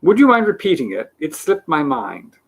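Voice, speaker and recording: A man voicing a cheerful, muddled ordinary man who talks in a bright, sing-song way. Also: fairly high pitch, huge pitch swings, normal speed, vocal fry, voice pushed up, full character voice. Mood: rambling.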